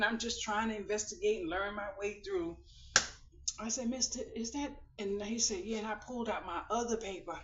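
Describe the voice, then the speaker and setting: A woman vlogger chatting casually and exuberantly at home in her kitchen, humming, laughing and calling out to her viewers. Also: medium pitch. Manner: exuberant, hums and laughs, folksy Southern-style talk. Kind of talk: casual grocery haul vlog. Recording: roomy, distant, dull lo-fi with noise.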